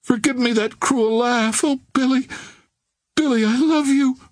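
A man reading an audiobook voices an emotional young heiress in a high, raised voice. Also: expressive, normal speed, breathy edge. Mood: pleading. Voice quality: raised falsetto-like voice. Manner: earnest and emotional. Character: young woman, a wealthy heiress, tender. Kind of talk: audiobook character voice.

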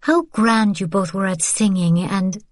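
A woman's voice: medium pitch, measured pace, no echo, studio quality, voice pushed up, lightly acted. A woman reading the part of a young mother who speaks earnestly and pleads with feeling. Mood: earnest pleading.

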